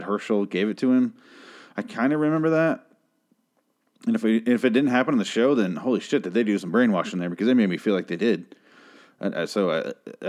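Man, review host, casual solo recap, rambling, profane, sarcastic, fairly low voice. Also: a little mellow.

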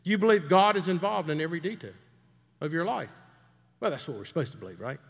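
Folksy middle-aged male preacher, lively pitch. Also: quick pace, vocal fry. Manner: folksy, conversational, asks the crowd questions. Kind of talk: storytelling sermon. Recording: long hall reverb.

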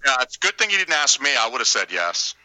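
A man's voice: medium pitch, quick pace, rough recording. A man co-hosting a podcast, talking in crude, teasing, profane banter with his friends. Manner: loud, teasing, profane, animated. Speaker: podcast co-host.

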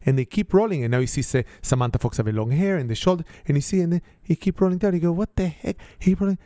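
A man with an Israeli accent telling a story to his kids in a casual family setting. He tells it in lively storyteller fashion, using simple, non-native grammar. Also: on the high side, racing, no echo, studio quality.

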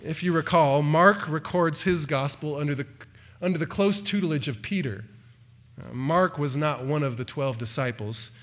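A male pastor walks through a passage in an earnest sermon. His voice sits a little high for a man, and he lifts into sharper emphasis when he voices the cries he is quoting. Now and then he stumbles and restarts a word. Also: normal speed, fairly bright tone. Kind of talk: expository sermon.

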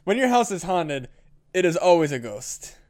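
A man co-hosting a casual comedy podcast, reacting in quick banter with frequent laughs. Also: on the high side, big pitch swings, darkish tone. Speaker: podcast co-host.

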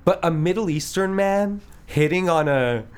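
A man's voice: high voice, lively intonation, normal speed, clean tone. A man in his thirties hosting a casual podcast chat, telling rambling stories broken up by laughs. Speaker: podcast host.

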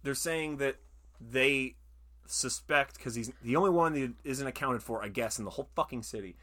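A man's voice: medium pitch, moderate pace, bright, forceful tone. A man co-hosting a podcast in casual chat, swearing freely and acting out quotes in silly voices. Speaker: podcast co-host reviewing a film.

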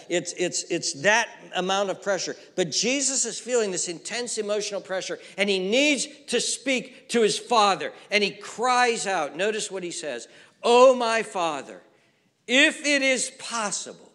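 A man pastor preaching a sermon, swinging from hushed near-whispers to raised, emphatic lines, repeating phrases as he builds. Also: sits high. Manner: repeats phrases and restarts words. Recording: long reverb from a large room.

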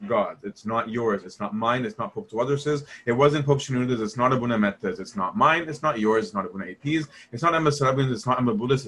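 A man with a husky, slightly breathy voice leads a conversational Bible study. He keeps turning to his listeners with rhetorical questions and slips into the voices of the people he quotes. His pitch sits in an ordinary middle range for a man. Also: a bit bright. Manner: asks the audience rhetorical questions.

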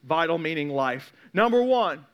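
A man preaching a sermon as a pastor, animated, often repeating words and acting out quoted voices. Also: fairly high pitch, normal speed, clean tone, highs cut off.

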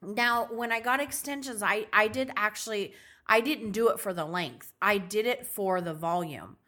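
A woman's voice: mid-range voice, normal speed. A woman co-hosting a podcast, chatting casually and telling stories with quoted back-and-forth. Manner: chatty, animated storytelling with quoted dialogue. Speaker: podcast co-host. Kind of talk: casual chat.

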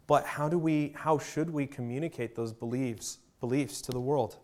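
A man preaching a sermon as pastor, earnest, leaning on emphatic pauses and letting his volume swell and drop. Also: medium pitch, steady tone, a little mellow.

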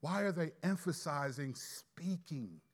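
A man preaching a sermon, emphatic, with sudden loud stresses and slowed key phrases. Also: fairly high pitch, animated.

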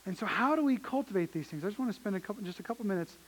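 Earnest, high-voiced male pastor preaching. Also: expressive, racing, rough recording. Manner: earnest, emphatic, repeats phrases. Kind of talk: sermon.

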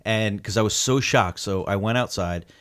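A man with a fairly low voice tells a story casually, acting out each moment as he goes. His delivery is animated and chatty, and his sentences are loaded with "like". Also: moderate pace. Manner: animated, acts out the scene, lots of "like".

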